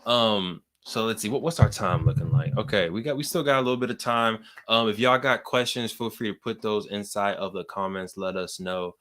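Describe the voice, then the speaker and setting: A man co-hosting a podcast, asking questions in a quick, casual conversational way. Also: lowish voice, steady tone, a bit bright. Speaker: podcast co-host.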